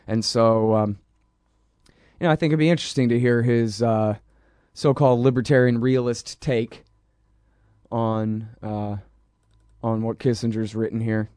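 A man's voice: mid-range voice, fairly even intonation, unhurried, pauses often, a little mellow, clear, resonant tone, dry recording, clean studio sound. A man hosting a political talk show, talking in a casual, rambling and sarcastic way. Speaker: radio show host.

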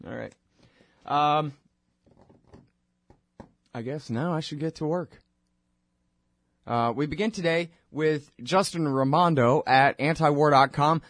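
A man's voice: a little high, expressive, a little slow, pauses often, a bit bright, no room sound, studio quality. A man hosting his own radio show, rambling informally and wryly between plugs. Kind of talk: casual monologue with plugs.

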